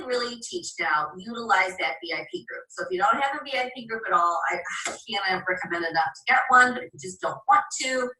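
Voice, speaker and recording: A woman giving a sales training talk, telling stories with lively acted-out quotes. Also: mid-range voice. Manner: animated storyteller, acts out quoted voices. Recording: echoey room, voice a bit far from the mic.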